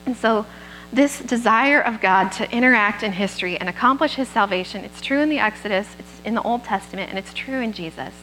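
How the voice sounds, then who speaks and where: A woman's voice: medium pitch, brisk, bright, forceful tone, a little hiss or hum, rough recording. Woman preaching in a plain, conversational way. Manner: plainspoken, often checks in with the congregation. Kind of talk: conversational sermon. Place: church service. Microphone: microphone.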